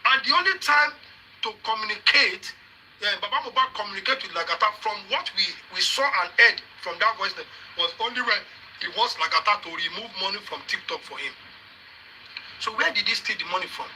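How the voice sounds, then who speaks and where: A Nigerian man hosting a live social media session, his voice high-pitched and very bright. He challenges viewers directly and repeats his pointed questions, drifting between Yoruba, pidgin and English. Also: brisk, a little hiss or hum, poor audio. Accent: Nigerian, mixing Yoruba and pidgin. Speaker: livestream host.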